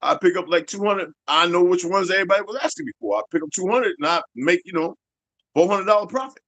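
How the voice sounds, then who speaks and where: He's in his fifties, talks fast in a high, creaky, somewhat bright voice, and the audio has no echo. Swearing heavily, he rants to his viewers off the cuff, blunt and streetwise, straying into side comments as he goes.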